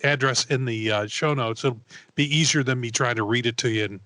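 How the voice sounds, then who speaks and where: A man's voice: medium pitch, fairly quick, pushed and bright, dry recording. Plain-spoken male podcast co-host. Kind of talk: casual chat and reading an announcement.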